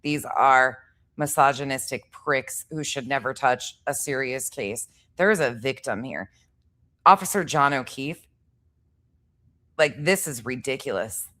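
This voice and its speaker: A woman's voice: rumbling low, unhurried, fairly bright tone. A woman streaming reactions, talking bluntly and profanely straight to her chat. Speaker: streamer reacting to podcast clips.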